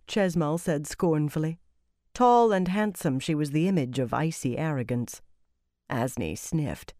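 This fantasy audiobook is narrated by a woman who reads steadily and with measure from a script. Her voice sits low, and the sound is clean studio audio without echo.

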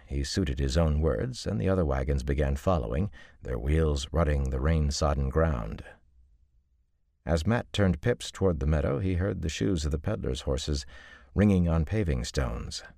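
Very deep-voiced male audiobook narrator. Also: vocal fry, mellow, no echo, studio quality. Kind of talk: scripted narration.

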